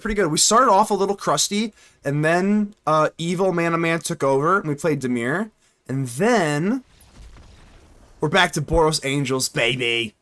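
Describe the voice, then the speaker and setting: Male streamer, live gameplay commentary, very animated delivery, talks to himself as he plays. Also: fairly high pitch. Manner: chatty, excitable, thinks aloud, swings from playful to worried. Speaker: card game streamer and channel host.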